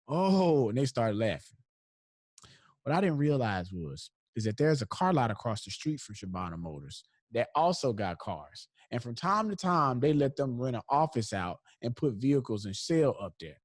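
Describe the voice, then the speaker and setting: A man's voice: mid-range voice, moderate pace, dry recording, clean studio sound. A man hosting a podcast, telling a comedic story and acting out the voices of the people in it. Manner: animated, acts out voices in his story. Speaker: podcast host.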